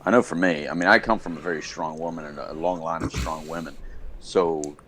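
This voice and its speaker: A middle-aged American man co-hosting a casual podcast chat, telling stories in an animated way and acting out the people he quotes. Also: a bass voice, fairly quick, a little hiss or hum. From United States. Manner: storytelling, animated, acts out quotes. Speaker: podcast co-host.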